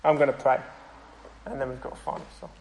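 A young man preaching a sermon and praying, earnest and conversational, with pauses and small restarts. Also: medium pitch, level tone, darkish tone, slight background noise, poor audio. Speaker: pastor. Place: church.

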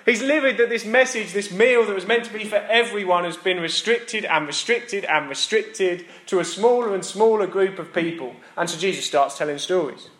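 A man's voice: sits high, normal speed, hardly any pauses, fairly bright tone, reverberant. A man preaching a sermon in a conversational, emphatic way, building his points through repetition. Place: church.

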